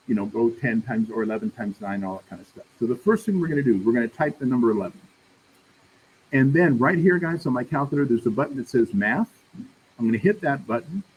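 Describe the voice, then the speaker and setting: In a classroom lecture, a man with a mid-range, darkish voice teaches math in a relaxed, conversational style, addressing everyone as "y'all" and frequently asking "right?" to check in. The audio is rough, carrying some hiss or hum.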